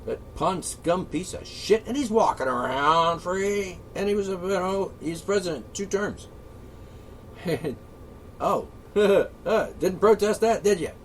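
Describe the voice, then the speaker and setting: A man with a high voice rants alone, swearing freely and dripping with sarcasm. He swings from shouting to low mutters. Faint background hum sits under his voice. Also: slow pace. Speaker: political commentator. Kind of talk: angry solo rant.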